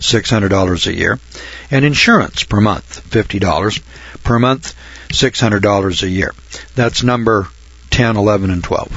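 A man's voice: on the low side, a bit bright, breathy edge, dry recording. Sarcastic folksy man lecturing on costs. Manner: sarcastic, folksy, mock amazement. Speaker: financial lecturer. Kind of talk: lecturing through figures. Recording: dull, lo-fi dry recording.

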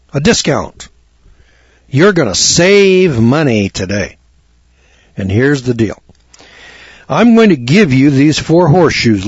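A man voicing a sly, friendly farrier making a coaxing sales pitch to a boy, a little higher than his own voice. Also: slightly rough, dry recording, highs cut off, full character voice.

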